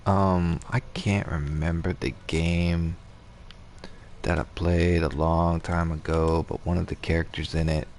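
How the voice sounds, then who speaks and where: Low gravelly man chatting while gaming. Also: flat delivery, unhurried, a little mellow, a little hiss or hum. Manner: rambling, swears casually, restarts sentences. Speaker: gaming streamer. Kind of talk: casual gaming chat.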